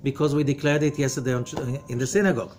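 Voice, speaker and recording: A man teaching Kabbalah to a study group, emphatic and full of rhetorical questions, dropping to a low, quiet voice when he warns. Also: steady tone, rapid-fire, slight background noise. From from outside America. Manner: drops to a low, quiet voice for warnings.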